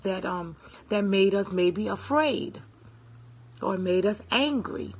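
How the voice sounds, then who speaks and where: A self-help speaker with a medium-pitched, slightly rough voice gives a casual motivational talk. She stresses and repeats her points emphatically, checks in with "okay?" and "right?", and greets her live viewers.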